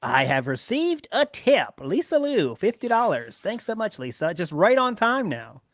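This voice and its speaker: A man's voice: sits high, very animated, unhurried, a bit bright, no room sound. A man hosting a casual livestream podcast, reading out tips and chat messages and laughing along. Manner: reads chat tips, laughs easily, hedging. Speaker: host.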